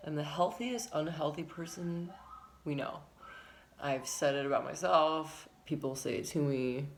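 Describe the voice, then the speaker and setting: A woman vlogger speaks in a deep, low register, candid and unpolished as she rambles through her story. She leans on repeated words and the odd curse for emphasis. A faint background hiss runs under her voice. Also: a little slow. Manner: frank, rambling, emphatic with swearing. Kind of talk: candid personal vlog.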